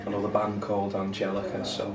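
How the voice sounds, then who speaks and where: A man being interviewed backstage, relaxed and joking with dry humour. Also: fairly low pitch, fast talker, a loud crowd. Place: backstage at a music club. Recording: roomy, distant, noisy room.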